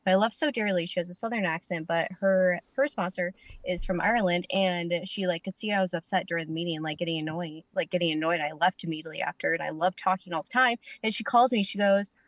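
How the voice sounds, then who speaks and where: A woman's voice: fairly low pitch, quick pace, hardly any pauses, no echo. A woman sharing at a recovery meeting from her parked car over a video call, rambling and self-deprecating with jokes. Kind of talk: casual recovery meeting share.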